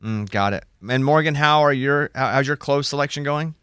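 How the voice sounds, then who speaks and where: Male radio host, middle voice, relaxed question-asker. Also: medium pitch, normal speed, clean tone, no echo, studio quality. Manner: easygoing, asks questions and steers talk. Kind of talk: casual chat.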